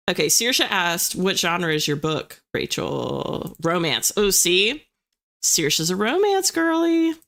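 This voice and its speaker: A chatty young woman hosts a writing livestream and reads out her viewers' messages. Her voice is bright and clear, with a very lively melody that swoops up and down as she talks. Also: on the low side. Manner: bubbly and chatty, reads chat aloud. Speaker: livestream host of writing sprints. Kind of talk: casual chat to live viewers.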